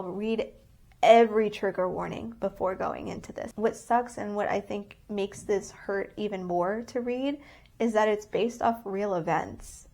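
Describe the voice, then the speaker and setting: A woman's voice: mid-range voice, a little mellow. A woman reviewing books on her vlog, earnest and openly emotional, rambling with frequent restarts. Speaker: book vlogger. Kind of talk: casual book review vlog.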